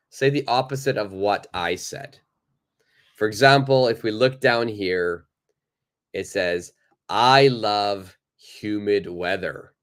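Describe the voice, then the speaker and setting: A man's voice: fairly low pitch, a bit bright. A man teaching a live online English lesson, chatting loosely with many fillers and reading from the chat.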